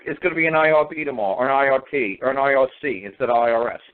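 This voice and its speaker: An emphatic man rails on with sarcastic repetition, hammering each point again and again. His voice sits at a medium pitch and comes through a thin, tinny phone line. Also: rapid-fire. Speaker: guest speaker on law. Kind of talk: casual talk-radio conversation.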